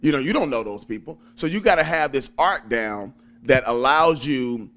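A young man with a Southern accent from Alabama, a stand-up comedian chatting in an interview, laid-back and quick to chuckle. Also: medium pitch, lively intonation, fairly bright tone. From Birmingham, Alabama. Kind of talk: casual interview chat.

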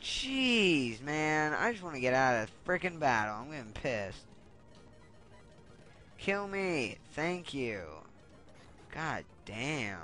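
Young man, gameplay commentary, lively pitch, frustrated rants, swearing, faint game music behind. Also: unhurried. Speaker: Let's Play commentator.

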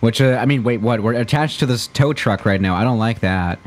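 A man's voice: mid-range voice, a little fast. A man chatting casually on a live stream while playing a flight simulator, rambling and correcting himself as he goes. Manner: rambling, self-correcting, laid-back.

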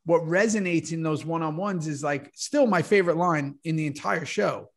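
An animated man in his forties, co-hosting a podcast over a video call. His voice sits a little high, and he tells stories in casual chat and swears freely. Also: moderate pace. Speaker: podcast co-host.

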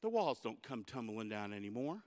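A man voicing a calm, matter-of-fact older man sitting in the pews, low and unhurried. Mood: shrugging. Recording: long church hall reverb.

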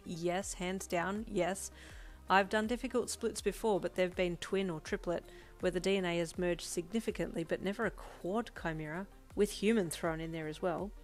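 A woman's voice: fairly low pitch, steady tone, normal speed, faint music behind, close to an everyday voice. A woman playing an earnest young vet. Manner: earnest and soft-spoken. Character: caring young woman clinic vet, determined. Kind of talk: second-person listener role.

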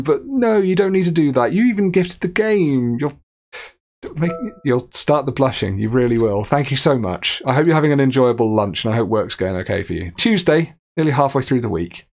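A man's voice: medium pitch, animated, normal speed, darkish tone. A man streaming a game live, chatting, reading viewer messages aloud and laughing often.

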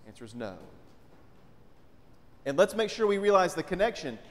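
A man's voice: high voice, big pitch swings, normal speed. Man preaching in a reverberant church. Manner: conversational, frequent rhetorical "right?". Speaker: pastor. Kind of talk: sermon. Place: church sanctuary.

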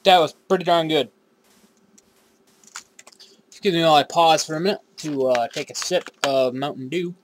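Pitched fairly high, this game series host speaks at a moderate pace and pauses often, with a little hiss or hum in the audio. He rambles and curses freely, answers the characters on screen, and drifts into made-up accents.

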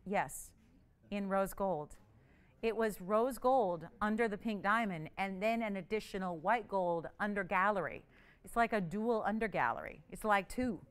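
A woman's voice: mid-range voice, a little slow, clear, resonant tone. A woman hosting a live jewelry shopping auction, bubbly and chatty, teasing her crew as she calls out the bids.

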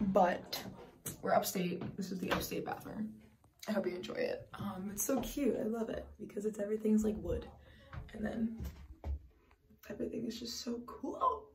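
Woman vlogger, casual and goofy, mid-pitched, slides into whispers, faint background hiss. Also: a little mellow, rough recording. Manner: chatty and goofy, often dropping to a whisper. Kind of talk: casual vlog chat. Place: outdoors by a pond.

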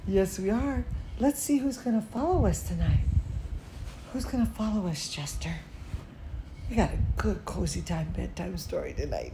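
A woman's voice: a little high, big pitch swings, unhurried, a little mellow, slight background noise, poor audio. A woman teacher hosting a live bedtime story from her bed at home, chatting in a doting sing-song way to her pet and to the children watching. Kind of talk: casual live-stream chat.

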